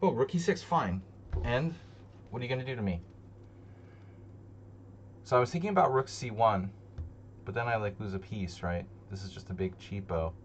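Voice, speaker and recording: Man, chess streamer, fairly low voice, joking, self-muttering, slightly muffled mic, faint hiss. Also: moderate pace, long pauses. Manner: joking, muttering to himself, thinking aloud. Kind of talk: live commentary while playing online chess. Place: home streaming setup.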